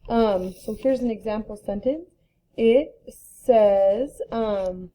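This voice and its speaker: A woman teacher giving a slow, deliberate reading lesson to young children, spelling out letters and sounding out words. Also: medium pitch, fairly even intonation, dark tone. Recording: slightly dull lo-fi recording.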